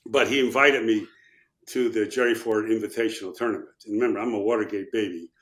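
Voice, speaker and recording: Older man, low voice, lively anecdotal storytelling, echoey room. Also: fast. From Chicago, USA. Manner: animated anecdotes, acting out quotes. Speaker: guest, former congressman. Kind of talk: storytelling in a podcast interview.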